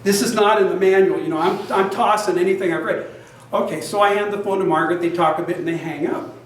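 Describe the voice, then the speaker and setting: High-voiced older man telling a story. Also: fast, a little hiss or hum. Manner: animated, self-described big talker, acts out both sides of dialogue. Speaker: genealogy society presenter. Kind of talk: storytelling talk to an audience. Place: meeting room with an audience. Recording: very echoey room, mic at a distance.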